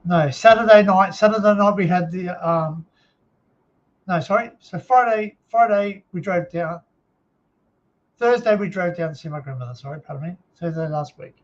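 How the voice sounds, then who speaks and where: A man with an Australian accent telling an emotional personal story on a live stream, halting, with many fillers and restarts. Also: high-pitched. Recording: dull lo-fi sound.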